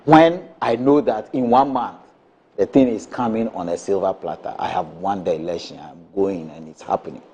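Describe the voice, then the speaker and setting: Man, talk show panelist, emphatic, rhetorical questions, husky, dull lo-fi audio. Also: low voice, moderate pace, mellow. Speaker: political panelist. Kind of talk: morning show debate. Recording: dull lo-fi broadcast sound.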